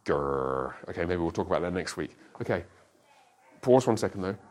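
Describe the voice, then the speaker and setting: A man's voice: low-pitched, fast, a little mellow. A middle-aged man, a pastor, teaching a church class in a conversational way and often checking that listeners follow.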